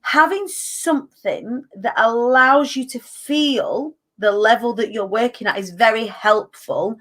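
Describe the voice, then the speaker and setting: Chatty high-voiced woman host. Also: measured pace. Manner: chatty, animated storyteller acting out quotes. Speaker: podcast host. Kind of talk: casual chat.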